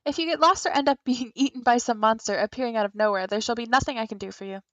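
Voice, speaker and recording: Woman putting on a haughty female spirit guardian, pompous and theatrical, fairly high voice, dry lo-fi sound. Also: quick pace, fairly bright tone, no echo, natural voice. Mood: grandiose. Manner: pompous, theatrical formal speech.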